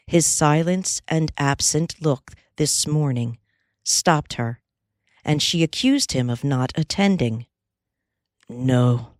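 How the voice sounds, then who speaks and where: Slow, low-voiced woman audiobook narrator. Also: a little mellow, no room sound, studio quality. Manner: measured, unhurried storytelling.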